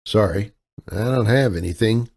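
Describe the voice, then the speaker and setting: A man's voice: fairly low pitch, moderate pace, creaky, darkish tone. A man voicing a skinny young male desk clerk in his twenties, obliging and a bit fumbling. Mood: eager, helpful. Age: 20s.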